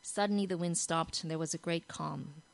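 A woman giving a devotional talk. She tells the story animatedly, often asks "right?", and moves from soft, hushed passages to loud, excited ones. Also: deep voice, normal speed, gravelly, low-quality recording. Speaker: Christian devotional speaker.

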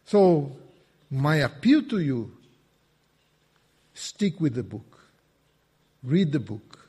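Slow, mellow-voiced man preaching in a hall. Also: on the high side, very animated, husky. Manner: emphatic, repetitive preaching with rising bursts. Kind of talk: sermon. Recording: reverberant hall.

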